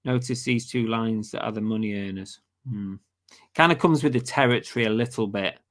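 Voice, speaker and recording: A British-accented man hosts a casual live stream, reading viewer comments aloud, chatting back and mentioning that he's losing his voice. His voice is lowish, a bit bright, and fairly quick.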